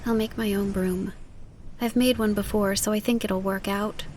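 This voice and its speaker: A woman voicing a spirited, proud teenage witch girl in an audiobook, with a lively, emphatic manner. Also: medium pitch, normal speed, a little hiss or hum, voice pushed up, close to an everyday voice. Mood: resolute. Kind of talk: audiobook character voice.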